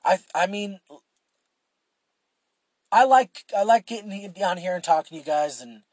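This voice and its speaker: With a high-pitched yet darkish voice at normal speed, a young man rambles through his solo podcast, peppering it with profanity, fillers and restarts. There is no echo.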